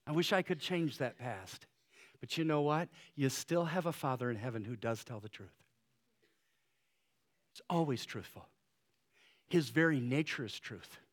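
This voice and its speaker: A male pastor preaching a sermon, shifting between loud urgent exhortation and soft, quiet pleading, with conversational fillers. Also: mid-range voice.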